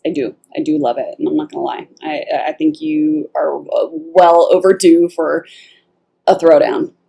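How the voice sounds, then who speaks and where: A woman giving a casual tarot reading, animated and blunt, swearing freely and laughing often. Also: sits low, moderate pace, creaky, slightly rough. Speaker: tarot reader.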